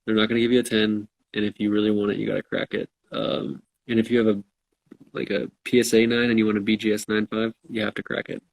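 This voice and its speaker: Low gravelly man, laid-back chat. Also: little pitch movement, quick pace, dry recording, low-quality recording. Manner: laid-back, self-deprecating. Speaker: co-host answering viewer questions. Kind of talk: casual live-stream chat.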